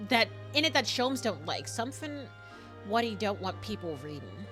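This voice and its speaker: A woman voicing a young, scrappy street girl from London with a put-on cockney accent, telling her story in quick, nervous bursts. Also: medium pitch, close to an everyday voice.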